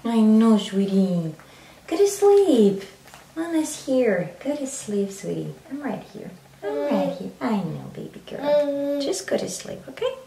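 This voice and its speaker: Woman softly soothing, off mic. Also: on the high side, big pitch swings, a little slow, vocal fry, far from the mic. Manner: soft soothing hush to a baby. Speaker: mother. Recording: roomy echo, off mic, faint noise.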